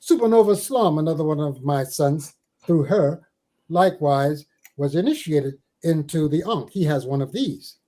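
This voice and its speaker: An older man from the Caribbean islands, a spiritual teacher telling stories in an interview, given to slow, theatrical recitation with big swells and drops. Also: fairly high pitch, expressive, mellow, poor audio. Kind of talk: storytelling and dramatic poetry recital.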